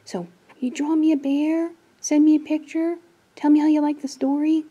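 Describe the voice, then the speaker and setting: A woman children's librarian reading a picture book aloud to preschoolers, slow, gentle and expressive. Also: high-pitched, distant mic. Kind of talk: preschool storytime read-aloud.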